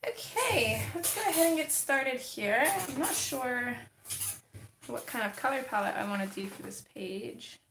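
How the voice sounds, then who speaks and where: A woman's voice: sits high, animated, measured pace. A woman hosting a casual livestream, chatting to her viewers and talking to her cat. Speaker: livestream host. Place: home desk, indoors. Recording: echoey room with faint noise.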